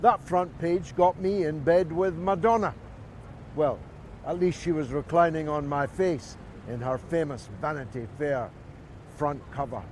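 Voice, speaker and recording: A man's voice: fairly high pitch, measured pace, a little mellow, slight background noise. A man in his sixties with a Scottish accent, giving a scripted to-camera introduction as a presenter in a dramatic orator's delivery.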